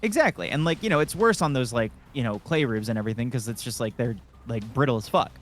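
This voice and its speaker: A man's voice: mid-range voice, lively intonation, fast talker, soft background music. A man chatting casually on a gaming stream, telling a long work story full of swearing and fillers. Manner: rambling storyteller, swears a lot, many fillers.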